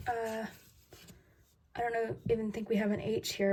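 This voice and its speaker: A young woman with a fairly high voice gives a casual tarot reading to her viewers. She sounds giggly and flustered, tripping over her words with lots of fillers and restarts, over a faint background hiss. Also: level tone, unhurried, long pauses. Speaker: tarot reader.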